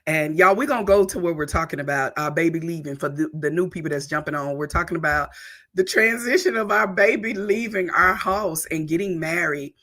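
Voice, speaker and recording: A woman's voice: on the low side, fairly quick, a bit bright. A woman pastor co-hosting a church talk show, speaking in an emphatic, preacherly way. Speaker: pastor and co-host.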